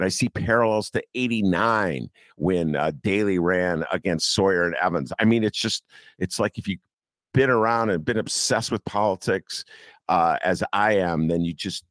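A man's voice: deep voice, fairly bright tone, no room sound, studio quality. A man hosting a podcast, talking in a rambling, self-deprecating way and laughing often. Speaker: podcast host. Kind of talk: casual conversation.

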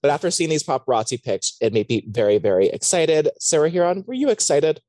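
A woman's voice: low-pitched, very animated, fairly quick, warm tone, no room sound. A woman hosting a casual pop-culture chat, playful and teasing, with mock ring-announcer flourishes. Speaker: podcast host.

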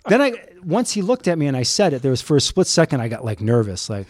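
Lively storytelling man from Chicago. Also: mid-range voice, quick pace, dry recording. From Chicago, USA. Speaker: news photojournalist, guest. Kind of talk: storytelling in casual chat.

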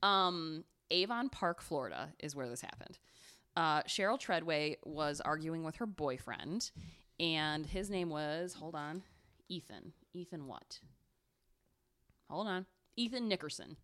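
A woman's voice: sits low, expressive, unhurried, a bit bright. A young woman co-hosting a podcast, casually telling a story with lots of fillers and giggles. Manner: chatty, giggly, rambling with many fillers. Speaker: podcast co-host.

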